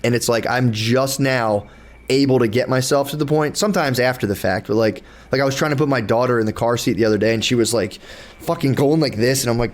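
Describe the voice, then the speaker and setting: A man's voice: mid-range voice, fast talker. A young man hosting a podcast, talking loosely with many restarts and curse words, acting out inner thoughts as he explains. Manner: loose, rambling, profane, with frequent restarts and acted-out inner dialogue. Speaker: podcast host. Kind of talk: casual podcast chat.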